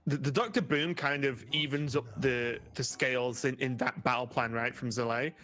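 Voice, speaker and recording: A man co-casting a live card game tournament, quick to react to plays and crack jokes. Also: mid-range voice, fairly even intonation, sharp tone, faint music behind. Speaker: esports caster.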